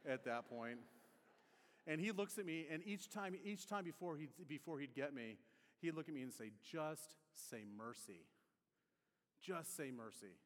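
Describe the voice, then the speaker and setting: A middle-aged man preaching to his congregation, easing into a sermon through a funny story from his youth. His voice sits a touch high for a man and carries a long reverb from a large hall. He talks casually, restarts sentences often and drops his voice for the punchlines. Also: fairly bright tone. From Detroit area, USA. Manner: conversational storytelling with humor, many restarts. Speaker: pastor.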